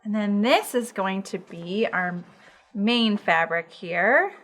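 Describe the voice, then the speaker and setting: A woman's voice: mid-range voice, animated, slow pace, a bit bright. A woman in her thirties hosting a sewing tutorial, chatty and encouraging as she walks through a project. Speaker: sewing instructor and show host.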